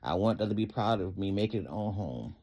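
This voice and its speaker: A middle-aged man tells his own story in a fervent, folksy, rambling way. His voice sits a little low. He keeps breaking off to give thanks to God. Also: expressive, fast, mellow, slightly rough. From Atlanta area, US. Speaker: storyteller recounting a personal event. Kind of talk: emotional personal testimony.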